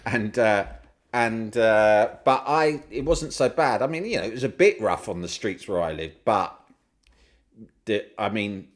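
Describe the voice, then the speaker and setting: A middle-aged man from Britain, a podcast guest, telling stories in casual chat, swearing freely and loudly mimicking other people. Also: on the low side, a little slow. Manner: animated storyteller, swears freely, mimics his brother loudly.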